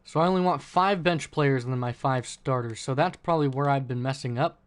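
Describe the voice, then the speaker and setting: A man's voice: medium pitch, a little fast, smooth. A man hosting his video game channel, chatting casually through a basketball franchise game with plenty of fillers and restarts. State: hiccuping. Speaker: gaming channel host. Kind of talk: casual gameplay commentary.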